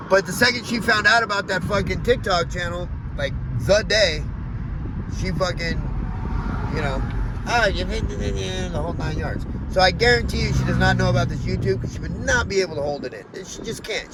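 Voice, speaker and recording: A man's voice: fairly high pitch, very noisy. A man talking candidly in a personal video diary, blunt and rambling, swearing often and drifting off on tangents. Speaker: vlogger.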